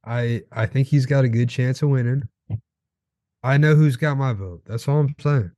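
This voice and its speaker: A young man co-hosting a podcast, laid-back and sarcastic, delivering jokes deadpan. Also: medium pitch, moderate pace, no echo, clean studio sound. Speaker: podcast co-host. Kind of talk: crude casual banter.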